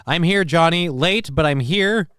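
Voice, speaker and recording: A man's voice: a little high, measured pace, fairly bright tone, clean tone, no echo, studio quality. Crude, joking man reading live chat. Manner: crude, joking, rambling with fillers. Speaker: live-stream show host reading chat. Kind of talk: casual live-stream chat.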